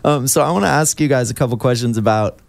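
A man's voice: medium pitch, fast, vocal fry. A man hosting a radio show, chatting casually with guests, laughing easily and restarting his sentences. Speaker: radio host. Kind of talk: casual interview.

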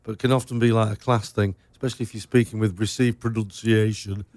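A man's voice: fairly low pitch, fairly even intonation, fast, darkish tone, no echo. A man hosting a radio show, chatting casually and joking with his guest, laughing often. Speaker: radio host. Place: radio studio.

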